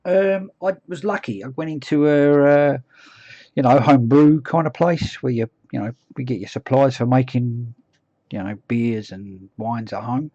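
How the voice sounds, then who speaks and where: A man paints miniatures on a live stream, chatting casually, muttering to himself and humming idly between remarks. His mid-range voice is warm and a little slow, with no room sound, captured in dull lo-fi stream audio.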